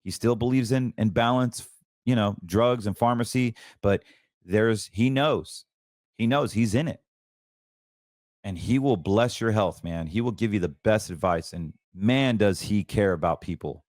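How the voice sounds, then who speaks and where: A man with a very deep voice gives an earnest, preachy personal testimony, and he sinks into quieter tones as he gets emotional. He sounds middle-aged, and his voice is recorded close and dry, with no room sound. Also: measured pace, no echo. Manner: earnest and preachy, voice drops low when emotional. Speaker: podcast host. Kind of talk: personal testimony in casual talk.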